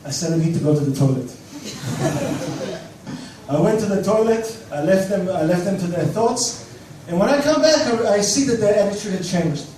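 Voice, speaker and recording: A man in his thirties from Australia, telling a live story in a self-mocking, lively way. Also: high voice, measured pace. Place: cafe stage. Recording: echoey room, distant mic, faint noise.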